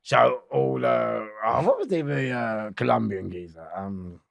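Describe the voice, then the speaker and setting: A man's voice: mid-range voice, lively intonation, measured pace, vocal fry, dry recording. A man telling rambling prison stories as an interview guest, swearing and laughing, often restarting. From London. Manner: swearing, laughing, keeps restarting his story.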